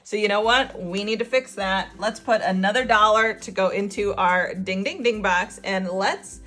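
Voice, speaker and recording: A middle-aged woman hosting a budgeting channel chats casually and laughs while counting money aloud as she stuffs cash envelopes. Her voice is medium-pitched and a bit bright, at a moderate pace.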